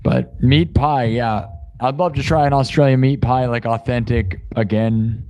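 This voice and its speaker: A man's voice: medium pitch, steady tone, measured pace, muffled recording. A man hosting his own live stream, chatting casually to viewers in a rambling way and correcting himself as he goes. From United States. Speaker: live-stream musician host.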